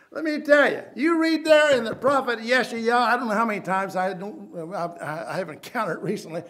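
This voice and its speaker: A man with a high-sitting voice preaches a sermon at normal speed, alternating loud, emphatic bursts with quiet asides. He refers to biblical terms by their Hebrew names.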